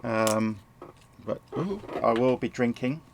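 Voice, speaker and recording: A man with a sore throat and a croaky voice, rambling and correcting himself as he casually talks through a management game at home. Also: medium pitch, takes it slowly, noisy background. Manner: rambling, self-correcting, chuckles often. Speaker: gameplay commentator. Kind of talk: casual game walkthrough commentary. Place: home, indoors.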